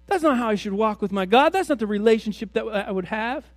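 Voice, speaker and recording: A male pastor with a high-pitched voice preaches in a conversational style, throwing rhetorical question after question at his congregation. The sound is dry and close, with almost no room echo. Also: expressive, fast talker. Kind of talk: sermon.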